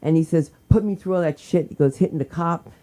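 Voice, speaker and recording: A woman's voice: on the low side, a little fast. Rambling New woman doing stand-up. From New Jersey. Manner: rambling, tangent-filled storytelling with swings in loudness. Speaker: stand-up comedian. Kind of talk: stand-up set at an open mic. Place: comedy club stage.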